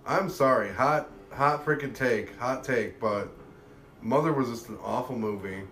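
A man's voice: mid-range voice, measured pace, fairly bright tone, reverberant. A man co-hosting a podcast, chatting casually in a blunt, opinionated way with mild swearing. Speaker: podcast co-host. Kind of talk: casual chat.

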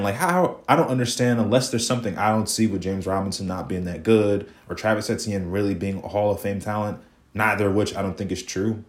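A young male podcast host rants about sports on his own, blunt, profane and fired up. His voice sits a little low and he repeats himself when worked up. He talks casually and plainly. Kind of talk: solo sports podcast rant.

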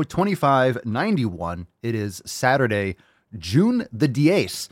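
A man hosting his own livestream podcast, delivering a loud, profane, jokey and hyped-up monologue. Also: mid-range voice, big pitch swings, slow pace, dry recording. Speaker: podcast host. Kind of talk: brash comedic livestream monologue.

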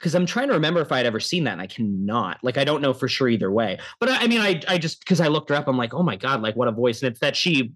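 A man's voice: mid-range voice, sing-song, fast, few pauses, fairly bright tone. A young man co-hosting a casual podcast about films, rambling with many restarts and fillers. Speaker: podcast co-host. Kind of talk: casual film chat.

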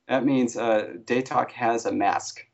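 A man's voice: mid-range voice, fairly even intonation, slow, gravelly. A man who consults on invented alien languages for a TV series, answering interview questions casually with many restarts and fillers. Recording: dull lo-fi sound.

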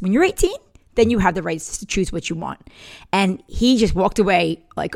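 A woman's voice: medium pitch, sing-song, a little fast, a little mellow. A middle-aged woman hosting a parenting podcast, talking in an earnest, firm way and telling a family story. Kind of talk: scripted podcast talk with personal story.

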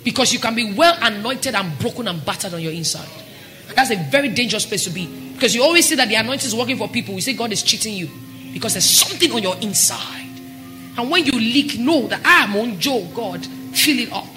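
A woman pastor preaching a sermon, impassioned and climbing to near-shouts. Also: fairly high pitch, lively intonation, fast, faint music behind.

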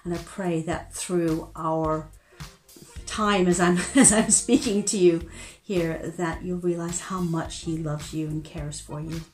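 A middle-aged woman from Chicago with a mixed American and British accent, giving earnest, gentle Christian teaching straight to camera. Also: on the low side. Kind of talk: direct-to-camera faith teaching.

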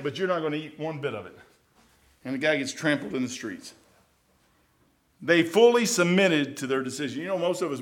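A middle-aged man preaching a sermon in a folksy, conversational way, with sudden loud outbursts. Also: on the high side. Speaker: pastor.

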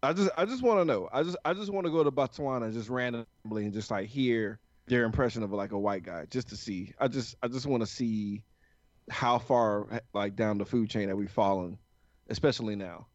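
A man's voice: mid-range voice, a little fast, no echo. A man from the United States, co-hosting a podcast in casual chat, rambling and swearing a lot. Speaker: podcast co-host. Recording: dull lo-fi sound, dry.

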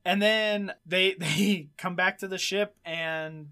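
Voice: medium pitch, steady tone, slow pace, pushed and bright, smooth. A podcast co-host recapping in casual chat, rambling with lots of "like". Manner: rambling, recaps with many fillers.

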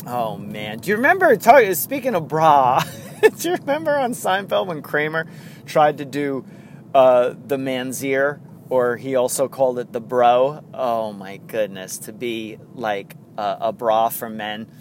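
A man's voice: medium pitch, lively intonation, unhurried, slight background noise. A man hosting his own sports podcast solo, talking casually and eagerly, rambling with frequent chuckles. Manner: enthusiastic, rambling, chuckles often. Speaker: podcast host.

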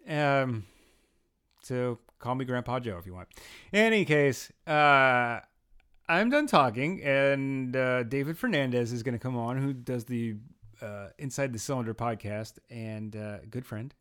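A man's voice: mid-range voice, fairly bright tone. A young man hosts a podcast in a loose, rambling way. He pokes fun at himself and often starts a sentence over. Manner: rambling, self-deprecating, many restarts. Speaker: podcast host. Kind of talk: casual podcast monologue.

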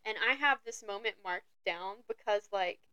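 A woman co-hosting a podcast, chatting excitably about a book and acting out lines in little voices. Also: mid-range voice, moderate pace, clear, resonant tone, dry recording, rough recording. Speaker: podcast co-host. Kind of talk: casual book discussion.

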